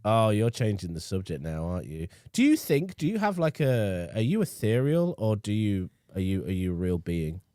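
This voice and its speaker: A man's voice: lowish voice, normal speed, hardly any pauses, no echo, studio quality. A man co-hosting a podcast, joking and swearing freely in casual chat. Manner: jokey, swears freely, lively. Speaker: podcast co-host.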